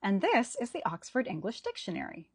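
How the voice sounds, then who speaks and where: A woman teaching in a clear, emphatic way, her voice slightly breathy. Her pitch moves a lot as she stresses points. The sound is close and dry. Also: huge pitch swings, fairly quick, dry recording. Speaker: Shakespeare teacher. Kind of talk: educational explainer.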